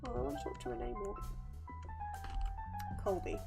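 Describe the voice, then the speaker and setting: A woman's voice: fairly low pitch, sing-song, moderate pace, gravelly, long pauses. A woman streamer joking and reading game dialogue aloud in casual commentary, with game music behind.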